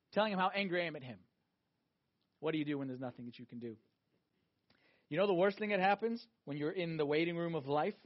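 A man's voice: high-pitched, highs cut off. A man preaching a sermon in an emphatic, conversational way, returning again and again to the same question. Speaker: pastor.

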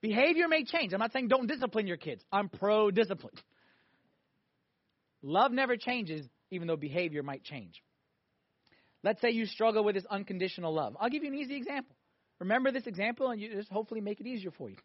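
Male priest, high voice, animated sermon, dull dry lo-fi recording. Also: fairly quick, no echo. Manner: animated preaching, swinging between loud emphatic peaks and quiet asides.

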